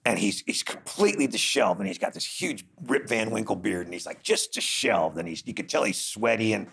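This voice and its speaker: Gravelly low-voiced man telling a story. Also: quick pace. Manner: animated, acts out dialogue in quotes. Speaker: podcast host. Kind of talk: conversational storytelling.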